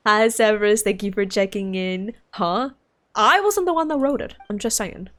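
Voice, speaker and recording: A woman's voice: mid-range voice, animated, a bit bright. A woman streamer reading game dialogue aloud and chatting to viewers between lines, stumbling over names and apologizing. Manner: reads scripted lines with dramatic pauses, breaks off to chat.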